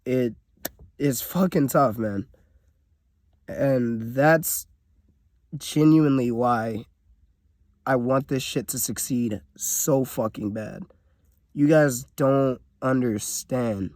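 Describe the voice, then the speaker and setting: A man's voice: mid-range voice, slow pace, a little mellow, no room sound. A man in his twenties giving a blunt, profane, emotional vlog rant from inside his car. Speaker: vlogger.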